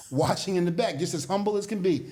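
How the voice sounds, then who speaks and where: A middle-aged man, a guest in an interview, telling animated stories in a casual way and laughing often as he goes. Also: sits high, fairly quick.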